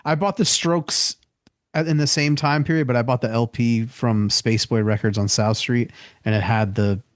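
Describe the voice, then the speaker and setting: A man with a mid-pitched voice co-hosts a podcast in relaxed, casual talk. His speech is loose and filler-heavy, with lots of "you know" and "like". The sound is dry and close. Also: normal speed, no room sound. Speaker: podcast co-host.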